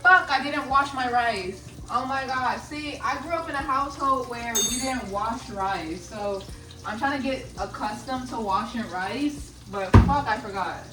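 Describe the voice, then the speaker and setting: In this casual cooking vlog, a young woman narrates her kitchen steps with profane, chatty humor. She speaks a little high and a little slowly, and the poor audio comes from her phone sitting on its charger away from the stove.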